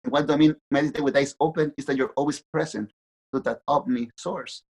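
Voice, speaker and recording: Male spiritual storyteller, breathy and gentle, animated when telling tales. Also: medium pitch, brisk, low-quality recording. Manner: gentle, lively storytelling with voiced quotes.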